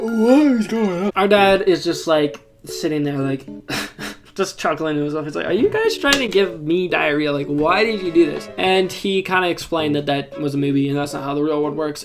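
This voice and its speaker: A young man hosting a podcast, casually telling funny stories with jokey, animated delivery and sudden loud asides. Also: a little high. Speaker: podcast host. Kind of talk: casual storytelling. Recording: background music under the voice.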